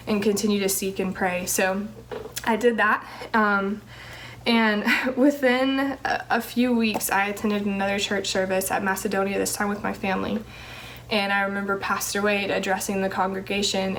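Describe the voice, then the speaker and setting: Earnest woman with a flat, even voice. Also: medium pitch, a little hiss or hum, low-quality recording. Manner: earnest, with many fillers and restarts. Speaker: teacher sharing a ministry calling testimony. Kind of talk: personal testimony.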